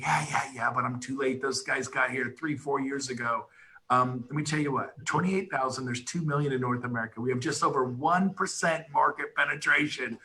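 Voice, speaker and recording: A middle-aged man giving an energetic, emphatic motivational pitch to real estate agents. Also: low-quality recording. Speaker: real estate brokerage leader.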